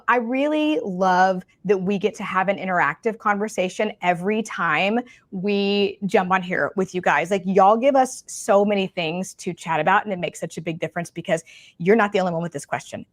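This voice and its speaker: A woman's voice: mid-range voice, fairly quick, no room sound. A woman, co-hosting a casual podcast about curly hair, chatty and full of asides. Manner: chatty, warm-hearted, lots of fillers and asides.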